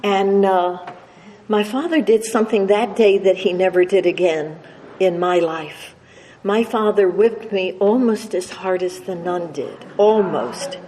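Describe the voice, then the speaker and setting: A woman's voice: mid-range voice, unhurried, mellow. An older woman speaking to a recovery meeting, telling a humorous personal story with a slight stutter and many restarts. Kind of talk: personal story told to a live audience. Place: meeting hall with an audience laughing. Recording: reverberant hall with faint noise.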